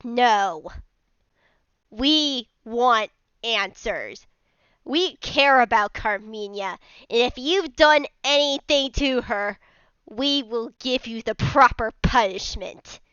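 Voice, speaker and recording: A woman's voice: fairly high pitch, slow, sharp tone, clear, resonant tone, no echo, dull audio. A woman voicing a menacing player character who speaks in layered voices, fierce and demanding answers. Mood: coldly threatening. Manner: commanding, threatening.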